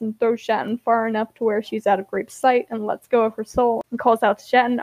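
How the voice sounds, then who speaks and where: A woman's voice: fairly high pitch, flat delivery, brisk, few pauses, darkish tone, dry recording. A woman co-hosting a podcast, reading a roleplay aloud in a tired, amused way, laughing often. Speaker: podcast co-host.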